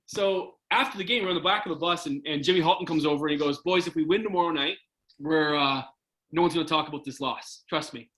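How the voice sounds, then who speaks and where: A middle-aged man with a Canadian accent telling a hockey story in a casual interview, animated and acting out quotes. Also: fast talker, echoey room, low-quality recording. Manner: animated, acts out quotes with jumps in pitch.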